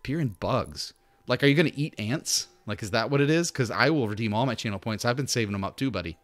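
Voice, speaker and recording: A man's voice: medium pitch, animated, fast. A man streaming a video game, chatting casually and talking to the game's characters. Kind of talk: casual gameplay commentary.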